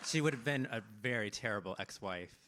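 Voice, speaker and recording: A man's voice: lowish voice, lively intonation, fairly quick, very noisy. A man on a panel, a producer, telling a behind-the-scenes story in an amused way. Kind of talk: panel anecdote.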